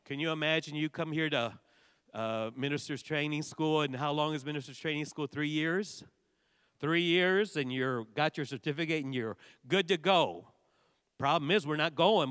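Pastor, male, slightly high voice, animated storytelling sermon, close dry mic with a long church reverb tail. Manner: animated storytelling preacher, bursts of loud exclamation. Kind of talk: sermon testimony. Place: church sanctuary.

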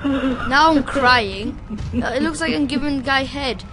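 High-pitched woman rambling over gameplay. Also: unhurried, fairly bright tone. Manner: rambling, mocking, frequent laughter and sudden outbursts. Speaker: let's play gamer. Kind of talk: gameplay commentary.

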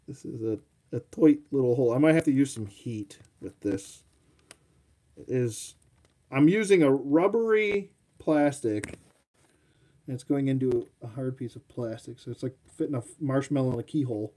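A man's voice: mid-range voice, lively intonation, unhurried, long pauses, darkish tone. A man hosting a live toy showcase, chatting casually in a rambling, self-mocking way and talking to his dog. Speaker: toy collector host.

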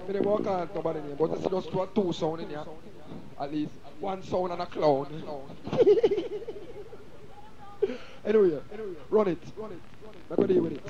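A man with a Jamaican accent, MCing a live sound clash with shouted, half-sung patois toasts. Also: fairly high pitch. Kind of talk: hyped live MC chat and toasting. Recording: dull lo-fi live recording over loud music. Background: very loud dancehall music.

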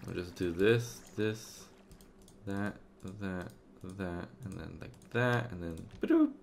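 A man hosting a game video in casual let's-play commentary, thinking aloud with many fillers, going from loud upbeat asides to quiet muttering. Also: sits low, takes it slowly, gravelly, slight background noise. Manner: loud upbeat openings, then muttering to himself while searching. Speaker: gaming video host.

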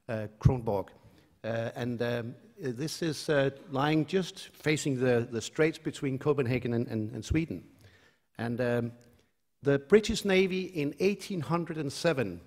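A man's voice: a little high, darkish tone. A man from Denmark with a Danish accent giving a conference lecture, hesitant with many fillers and restarts, with a light self-mocking humor. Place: lecture hall. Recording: reverberant lecture hall.

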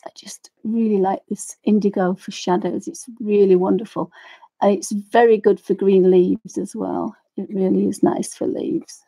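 A mellow, slightly creaky medium-pitched voice belongs to a middle-aged craft tutorial host who keeps a steady tone and moderate pace. She chats and rambles as she demonstrates colouring, often apologising for her tangents and adding ranting asides.

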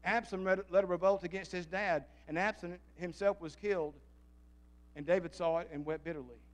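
A man's voice: high-pitched, fairly even intonation, a little fast. A man preaching a fervent sermon as pastor, calling out to the congregation for responses. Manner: fervent, calls for audience response.

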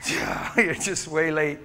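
An impassioned male preacher tells his stories in a high, ringing voice. His bright tone cuts through a faint hiss, and he laughs easily between his points. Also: gravelly. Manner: impassioned storytelling with frequent laughter. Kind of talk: sermon.

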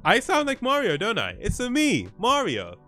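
A man voicing a cheery cartoon plumber hero in a high, bouncy voice. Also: wildly swooping pitch, normal speed, sharp tone, faint music behind, heavily acted.

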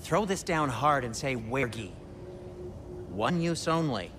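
Sindri, a worried dwarf smith. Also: male voice, mid-range voice, expressive, slow, background noise. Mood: earnest. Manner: earnest, instructive, worried. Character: anxious, fussy male dwarf smith. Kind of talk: video game dialogue.

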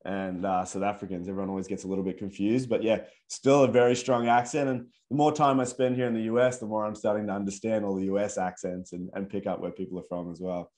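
A man with an Australian accent, a guest telling his story in a relaxed, easygoing way over a video call. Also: fairly low pitch, fast, hardly any pauses. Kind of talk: casual video call interview.

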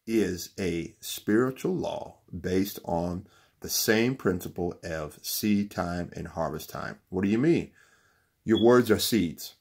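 A man's voice: low voice, husky. A man hosting a show, giving a motivational Bible lesson in a preachy way and repeating key lines for emphasis. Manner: rising to loud emphatic peaks. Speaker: bookstore owner and show host.

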